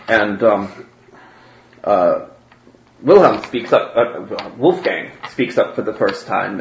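A man's voice: fairly low pitch, takes it slowly, creaky, pauses often. Hesitant man running a tabletop game. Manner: hesitant, many fillers. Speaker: game master. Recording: roomy, dull, faint noise.

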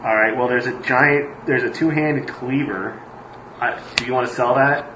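A man's voice: mid-range voice, fairly even intonation, normal speed, bright, forceful tone, slight background noise. A man playing in a tabletop game, looking up prices with hesitant fillers. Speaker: player. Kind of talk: casual tabletop banter. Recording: roomy, dull recording.

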